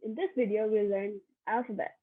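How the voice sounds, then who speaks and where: A young woman giving a recorded online lesson, slow and patient, repeating each example aloud. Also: mid-range voice, steady tone, slightly rough. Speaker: workshop teacher. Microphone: online video lesson. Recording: tinny phone-like audio.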